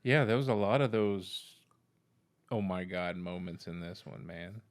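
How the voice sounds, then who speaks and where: A man's voice: low voice, measured pace. A man co-hosting a casual episode review, blunt and laid-back, swearing now and then. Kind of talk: casual chat.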